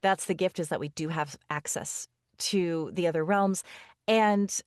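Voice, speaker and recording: Soft-spoken woman host, dry close sound. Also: on the low side, a little slow, no room sound. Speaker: podcast host. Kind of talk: conversational interview.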